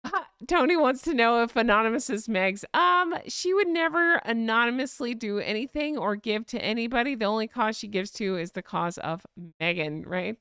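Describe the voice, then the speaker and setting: Fast-chattering woman livestream host. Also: fairly high pitch, clean tone, dry recording, clean studio sound. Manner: rapid, excitable chatter. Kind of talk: casual live chat. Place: home.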